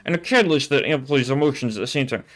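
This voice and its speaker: A man's voice: mid-range voice, lively intonation, racing, fairly bright tone, lightly acted. A man voicing a fussy, nerdy male librarian, reading game dialogue with a lisp through closed teeth in a formal, precise way. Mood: lecturing.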